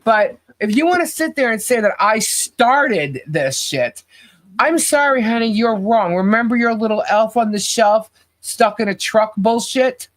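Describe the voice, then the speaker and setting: A woman's voice: fairly high pitch, unhurried, dry recording. A woman co-hosting a podcast in casual chat, blunt and fired up as she trash-talks critics. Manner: blunt, animated, trash-talking. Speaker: podcast co-host.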